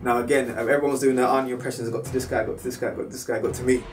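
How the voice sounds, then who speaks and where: A British man telling a story in a casual, animated way to his viewers, now and then breaking into loud film impressions. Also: mid-range voice, very fast, recorded from a distance, a little hiss or hum. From United Kingdom. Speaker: vlogger.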